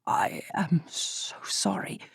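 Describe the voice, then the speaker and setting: A woman voicing a tactful, gentle gentleman who speaks formally and politely. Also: sits low, lively intonation, normal speed, no room sound, studio quality. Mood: sorrowful. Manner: polite, formal Regency speech.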